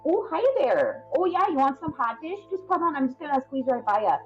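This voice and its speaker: Woman doing a high, sing-song Midwestern neighbor with a thick accent, lo-fi sound. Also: sing-song, fairly quick, faint music behind. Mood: chirpy. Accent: exaggerated Midwestern. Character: overly friendly Midwestern woman offering hot dish. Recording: dull lo-fi stream audio.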